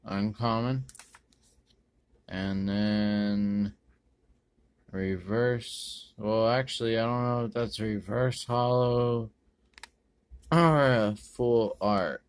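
A man rambling through a pack opening, correcting himself and using many ums and uhs, with sudden bursts of excitement. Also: fairly low pitch, very slow, pauses often, clean tone. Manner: bursts of excitement over good pulls. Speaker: card-opening video host. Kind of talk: casual pack-opening commentary.

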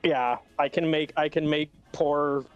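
A man playing a fighting game with a friend, swearing a lot and yelling in frustration. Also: on the high side, fairly even intonation, unhurried, lo-fi sound, faint music behind. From Latino. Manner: swears constantly, yells in frustration. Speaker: gaming YouTuber. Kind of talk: casual gameplay banter.

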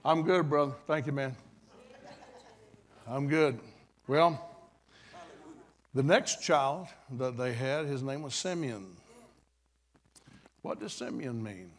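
A man's voice: mid-range voice, animated, takes it slowly, pauses often. An older man preaching a revival sermon, telling a folksy story in a conversational way with dramatic bursts.

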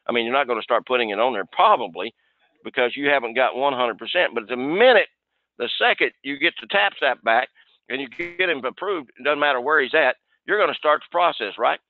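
A man's voice: mid-range voice, expressive, brisk, no room sound. A man coaching salespeople on a video call in a folksy way, often repeating "okay". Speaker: sales trainer. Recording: dry, tinny phone-like line.

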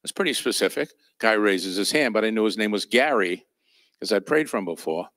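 A man's voice: on the low side, expressive, fairly quick, fairly bright tone, dry recording, clean studio sound. A man teaching at a church training session, telling personal ministry stories in a conversational, anecdotal way with fillers and chuckles. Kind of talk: storytelling sermon.

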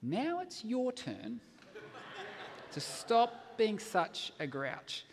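A man voicing his story's five-year-old girl who calmly tells off her grumpy father. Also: high-pitched, very slow, in a large hall, a little hiss or hum, pitched above the performer's own voice, exaggerated voice. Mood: gently teasing. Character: patient little girl scolding her dad.

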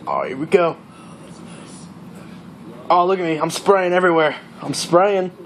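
A cocky young party bro brags his way through a game in lazy, drawling slang, played by a young man. The voice sits a little high for a guy, and a faint hiss of noise runs under it. It plays as a comedic character monologue. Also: a little slow, close to an everyday voice. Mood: boastful bro.

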